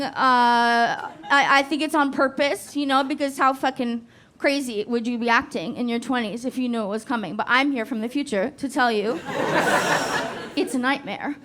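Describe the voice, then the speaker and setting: A woman's voice: high-pitched, noisy background. A woman in her forties performing a stand-up set, profane and self-deprecating, laughing at her own jokes. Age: 40s. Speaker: stand-up comedian. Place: comedy club stage. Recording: live club with loud audience laughter.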